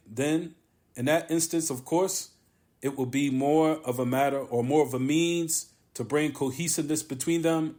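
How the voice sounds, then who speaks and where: A man of middle pitch gives a religious lesson in a mosque. He talks with emphasis, circles back to repeat his key lines, and pauses between phrases. Arabic terms run all through his teaching. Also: darkish tone. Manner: repetitive, emphatic, drawn-out pauses. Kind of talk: religious lesson on a classical text.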